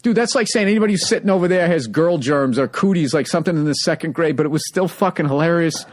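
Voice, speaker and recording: A man's voice: on the high side, fast. Profane storytelling male comedian. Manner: profane, animated storytelling with acted-out quotes. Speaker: comedian and podcast host. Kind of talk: casual storytelling chat.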